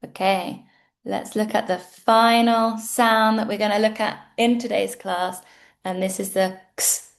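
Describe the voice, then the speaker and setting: A woman with a British accent teaching English pronunciation, saying words slowly and carefully for learners to repeat. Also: medium pitch, fairly even intonation. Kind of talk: pronunciation lesson.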